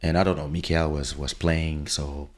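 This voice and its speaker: A man's voice: very deep voice, little pitch movement, moderate pace. A man hosting a podcast, telling a rambling personal anecdote in a loose, casual way. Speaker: podcast host. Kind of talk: casual storytelling. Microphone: studio podcast microphone.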